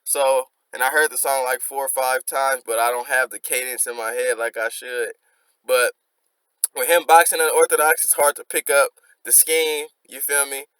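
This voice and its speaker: A man's voice: mid-range voice, flat delivery, moderate pace, fairly bright tone, smooth, no room sound, poor audio. A man hosting a music reaction, reflectively explaining song lyrics line by line in casual slang.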